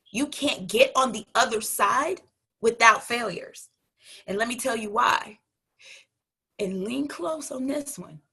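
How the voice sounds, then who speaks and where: A woman's voice: on the high side, pushed and bright, husky. A woman life coach giving an emphatic motivational talk, asking her listeners rhetorical questions and pressing her points like a preacher.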